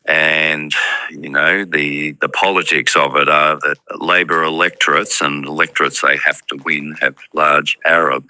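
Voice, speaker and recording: Very deep-voiced man on a news interview. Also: fairly even intonation, bright, forceful tone, dry recording, rough recording. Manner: measured, hedging with "I think" and "look". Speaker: political commentator.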